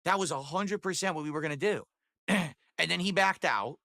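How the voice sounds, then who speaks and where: Guy ranting on his stream, bright sharp voice, dry close sound, swears a lot. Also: fairly high pitch, brisk, vocal fry, dry recording. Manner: aggrieved, profane, ranting. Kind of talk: livestream rant.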